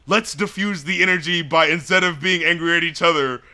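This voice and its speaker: A man co-hosting an album-review podcast, talking in rambling, animated casual chat with frequent laughs. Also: a little high, fairly quick. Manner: animated, rambling, laughs often, acts out rap lines.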